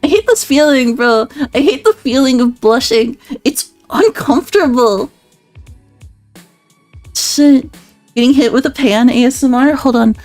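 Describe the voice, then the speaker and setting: Woman streamer, high voice, giggly and flustered, swears a lot, dry close mic. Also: lively intonation, unhurried, darkish tone, dry recording, soft background music. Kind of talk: casual live-stream chat with viewers.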